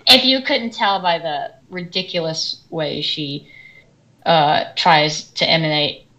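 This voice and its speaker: A woman who teaches orchestra, co-hosting a podcast and ranting in a lively, animated storytelling way. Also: low voice, takes it slowly, crowd noise, poor audio. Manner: animated storytelling, swings loud and soft. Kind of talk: casual podcast rant.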